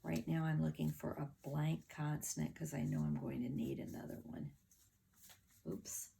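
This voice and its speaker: A low, gravelly woman's voice teaching children to read, sounding out each word in slow, careful steps. Her tone is dark and mellow, with faint room noise behind her. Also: very animated. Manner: slow, clear word-by-word spelling with claps and sounding out. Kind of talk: children's phonics lesson.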